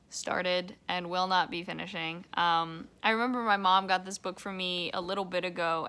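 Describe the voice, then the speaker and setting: Young woman, daily vlogger, chatty and rambling, bright clear tone. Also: fairly low pitch. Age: young adult. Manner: rambling, chatty, rising to exasperated rants. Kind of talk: casual daily vlog chat.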